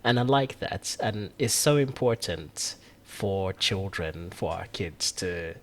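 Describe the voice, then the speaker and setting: A man hosting a candid conversation, speaking gently and reflectively. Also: low voice, lively intonation, slow pace. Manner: gentle, reflective, affirming listener. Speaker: host.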